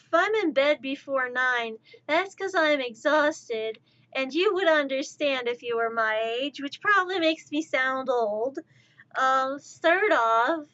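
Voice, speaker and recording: A streamer in her thirties goes on an exasperated, rambling rant during a casual livestream chat. Her high voice sounds pushed and bright, slightly altered after intubation, and the audio is lo-fi.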